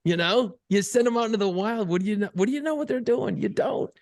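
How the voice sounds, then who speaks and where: A gravelly man with a fairly high voice swears freely as he tells a story on a podcast, animated and unfiltered. He sounds like he is in his forties, and the sound is close and dry. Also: fast, no echo. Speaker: podcast co-host. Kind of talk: casual chat.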